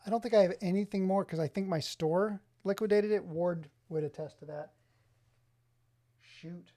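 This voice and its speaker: Male streamer, casual and excitable, with a soft, mellow tone, chatting with viewers. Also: high voice, unhurried. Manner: excitable, exclaims often, chats with viewers by name. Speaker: streamer showing his game collection. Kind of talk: casual live-stream chat. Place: home office.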